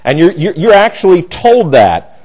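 A man leads a Bible class lecture with a blunt, emphatic delivery. His voice sits a little high for a man, and he often stops and restarts his sentences as he presses his points. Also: very animated, moderate pace, a little mellow, low-quality recording. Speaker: Bible teacher.

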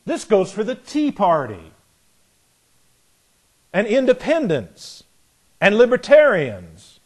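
A man's voice: sits high, wildly swooping pitch, takes it slowly, husky. Folksy, sarcastic male preacher. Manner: folksy and sarcastic, rising loud on punchlines; voices imagined people in quotes. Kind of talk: sermon.

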